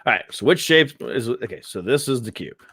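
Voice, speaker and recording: A man's voice: medium pitch, sing-song, a little fast, fairly bright tone, slightly rough, no echo, clean studio sound. A man hosting a live stream, giving sarcastic, rambling commentary with laughs.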